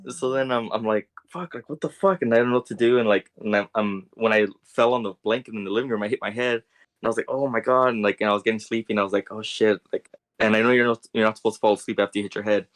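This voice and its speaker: A young man co-hosting a casual podcast, telling a story in a rambling way and getting animated when he quotes people. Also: lowish voice, racing. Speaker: podcast co-host.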